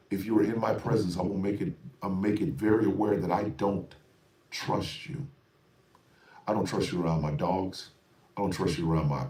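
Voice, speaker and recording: A man's voice: on the low side, darkish tone. A middle-aged man hosting a radio show, delivering a heated, preachy monologue full of repeated emphasis and swearing. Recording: roomy, distant from the mic.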